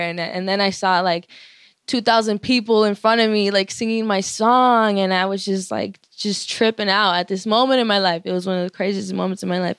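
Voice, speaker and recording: A woman's voice: mid-range voice, clean tone, dry recording, clean studio sound. A young woman rapper in her twenties telling a story casually, full of swearing, fillers and laughter. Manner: loose, profane, many fillers, laughs often.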